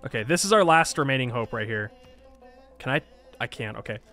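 A man's voice: medium pitch, lively intonation, a little fast, sharp tone, soft background music. A man commentating his strategy game, thinking aloud and exasperated at setbacks. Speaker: gaming YouTuber. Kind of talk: let's play commentary.

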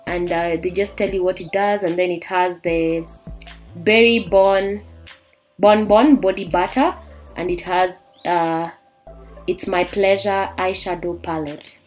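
A young woman from Kenya excitedly unboxing a beauty subscription box in a vlog, gushing and exclaiming as she goes. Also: fairly low pitch, a little slow. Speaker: beauty vlogger. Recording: faint background music.

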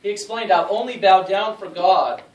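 A woman's voice: mid-range voice, normal speed, darkish tone. A woman teacher narrates a school play, reading each line aloud so the children can repeat it. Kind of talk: storytelling narration, prompting lines. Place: school room. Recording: echoey room, distant mic, faint noise.

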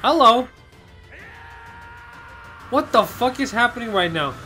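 Excitable swearing reactor, slow drawl. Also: medium pitch, soft background music. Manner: excitable, swears often, exclaims and laughs a lot. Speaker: anime reaction channel host. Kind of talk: live reaction commentary.

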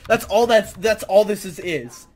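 A man's voice: high-pitched, measured pace, soft background music. A man streaming a game, chatting casually and yelping when startled. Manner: excitable, yelps and shouts when surprised. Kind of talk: casual gaming banter.

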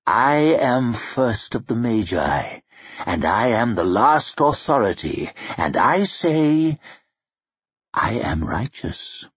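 A man voicing an arrogant, ruthless old male wizard who speaks in a haughty, measured, menacing way. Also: medium pitch, sing-song, breathy edge, no echo, exaggerated voice. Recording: dry muffled recording.

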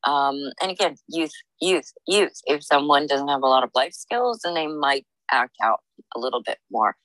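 A woman working as a psychic medium, giving a reading in a halting, searching way with many fillers and restarts. She speaks in the first person as the people she senses. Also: low voice, expressive, a bit bright, no room sound, rough recording. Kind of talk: intuitive reading monologue.

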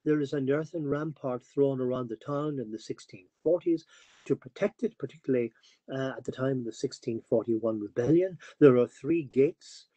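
Older historian, husky and mellow, dry close sound, lecturing with wry asides. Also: male voice, medium pitch, moderate pace, no echo. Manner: discursive, dry asides, frequent ums. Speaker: historian giving a public talk.

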